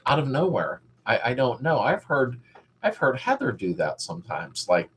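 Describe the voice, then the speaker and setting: A man's voice: mid-range voice, big pitch swings, moderate pace, husky. A middle-aged man hosting a casual live stream, rambling as he reads viewers' comments aloud and greets them by name.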